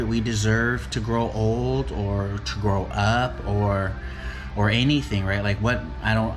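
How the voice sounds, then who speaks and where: A man talking casually and reflectively as a motivational vlogger, rambling and tagging his points with "right?". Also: fairly low pitch. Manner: rambling, keeps asking "right?".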